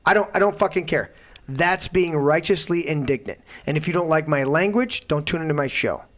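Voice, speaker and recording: A man hosts his own show and rants with heavy swearing and indignation. His voice sits slightly high for a man, and he pushes hard on his angry points. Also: fairly quick, fairly bright tone. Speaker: host. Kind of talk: profane political rant.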